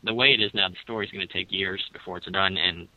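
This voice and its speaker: Hesitant low-voiced man, stammering. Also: fairly even intonation, fast talker, dull audio. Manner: hesitant, stammers and repeats words, many fillers. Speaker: guest comic creator. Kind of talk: casual interview chat.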